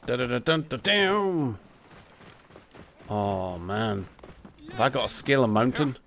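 A man hosting a let's play, giving excitable gameplay commentary, swearing and humming tunes over game music. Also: mid-range voice, slow, long pauses, a little hiss or hum.

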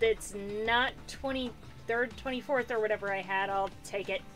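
A woman giving excitable, self-deprecating gameplay commentary and voice-over narration, swearing now and then. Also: on the high side, moderate pace, faint music behind. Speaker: gaming YouTuber.

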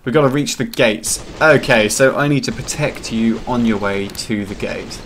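A man giving relaxed running commentary over a survival game. His pitch sits in the everyday middle, and he talks playfully to the characters on screen as he goes. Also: moderate pace, slight background noise. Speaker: gaming channel host. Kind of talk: casual gameplay commentary.

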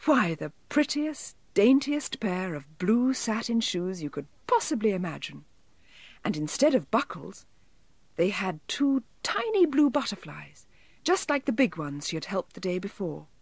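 A woman narrating a children's story with a lively, expressive delivery and hushed asides. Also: medium pitch, a little slow, husky, dry recording.

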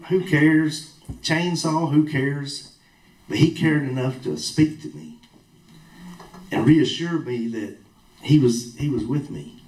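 A man preaching a sermon in a church hall, telling a personal story in a folksy, plain-spoken way. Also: mid-range voice. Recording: roomy echo from a distant mic.

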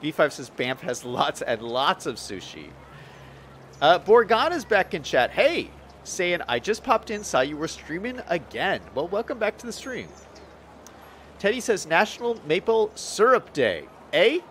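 Young man, game streamer, chatty, reads chat aloud, fairly high voice, very animated pitch. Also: measured pace, slight background noise. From Western United States. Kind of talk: casual live-stream chat, reading viewer comments.

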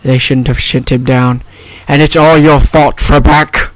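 A man putting on an impression of an indignant older male film star, in a hushed, mock-outraged voice. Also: mid-range voice, steady tone, measured pace, dry recording, natural voice.

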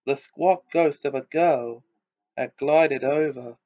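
A man reading a children's storybook aloud in a slow, measured narration, on a dull lo-fi recording. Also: fairly high pitch, dark tone. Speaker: audiobook reader.

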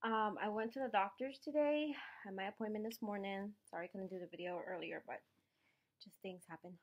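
A woman's voice: medium pitch, a little fast. A woman, vlogging at home after surgery, tired and sore, emotional and apologetic as she rambles. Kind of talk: casual personal vlog.

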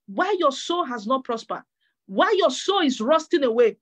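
Woman preaching hard, high voice, keeps repeating herself and stumbling on words. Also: sing-song, normal speed. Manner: fervent, repeats phrases, stammering restarts. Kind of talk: sermon.

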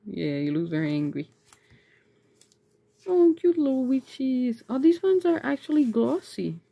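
A woman chatting casually as she unboxes sticker mail, excitable and chatty, breaking into high squeals over cute things. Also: slow, gravelly, long pauses, husky. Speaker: vlogger.

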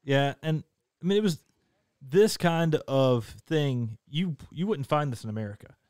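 Earnest man co-host, smooth clear voice. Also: fairly high pitch, expressive, measured pace, darkish tone, dry recording, studio quality. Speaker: show co-host. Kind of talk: casual travel chat.

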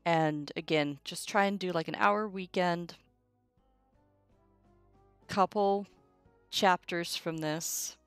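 A woman's voice: fairly low pitch, fairly even intonation, takes it slowly, long pauses, clean tone, no room sound, faint music behind. A young woman teaching a casual livestream Latin lesson, chatty and informal, with asides to her chat. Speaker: Latin tutor streaming a live lesson.

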